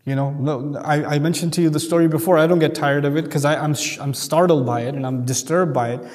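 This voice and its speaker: A man's voice: on the high side, fairly even intonation, quick pace, darkish tone, long reverb tail. A man giving a Quran commentary lecture, earnest and emphatic, often repeating key phrases. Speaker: Quran teacher.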